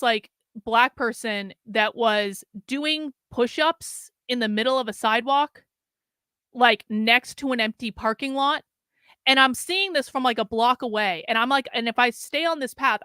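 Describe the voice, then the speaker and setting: A woman with a clear, resonant voice on the high side hosts a podcast at a moderate pace, recorded dry and in studio quality. Her casual, rambling story is full of profanity and "like." She retells it with animation, voicing her inner thoughts.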